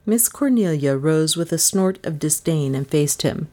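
Low-pitched woman reading a story. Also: expressive, a little slow, warm tone. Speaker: narrator. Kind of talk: audiobook narration.

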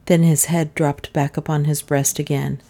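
Woman narrator, low voice, mellow and even. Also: normal speed. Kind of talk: audiobook narration.

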